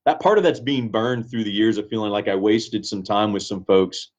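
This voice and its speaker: A male pastor, appearing as a guest, shares stories in an earnest, reflective casual conversation, often restarting his sentences. His voice is fairly low and darkish, and he speaks at a moderate pace.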